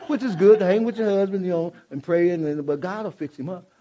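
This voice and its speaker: Brief: man testifying from the pulpit, fairly high voice, fervent, casual, runs from hushed to loud. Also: animated, a little fast. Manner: casual, repetitive asides to the listeners. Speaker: church speaker giving testimony. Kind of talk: preaching testimony.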